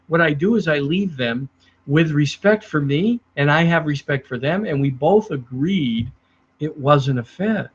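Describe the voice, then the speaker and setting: A middle-aged man who trains salespeople tells stories and acts out the clients he meets. His voice sits a little high and sounds a touch husky. The recording is dull and lo-fi. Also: animated, a little slow. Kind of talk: speaking to the camera about selling.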